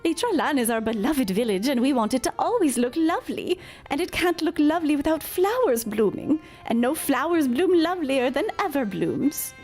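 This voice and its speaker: A cheerful tiny pixie from a fairy village in a game speaks in a bubbly, sing-song way, as a woman puts her on while streaming. The voice sits fairly high and leaps up and down with lively swings in pitch. Soft music plays underneath. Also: normal speed. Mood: chirpy.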